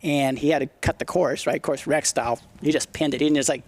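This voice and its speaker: A man's voice: fairly high pitch, fairly even intonation, fast. A middle-aged man, a podcast guest, telling stories in a blunt, profane, casual way. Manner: blunt, profane, acts out quotes in his stories. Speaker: podcast guest, retired motocross racer. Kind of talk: casual storytelling interview.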